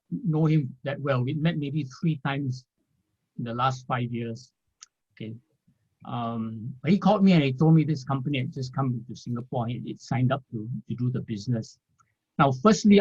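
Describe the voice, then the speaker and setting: A man, a former financial planner, telling his story in an interview in a rambling way, filling pauses with "you know" and small laughs. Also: mid-range voice, darkish tone, breathy edge. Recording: dull lo-fi audio.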